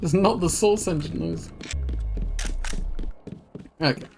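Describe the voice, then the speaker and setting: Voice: medium pitch, slow pace, vocal fry, music in the background. A streamer casually commenting while playing a video game, swearing now and then. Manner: casual, swears, laid-back.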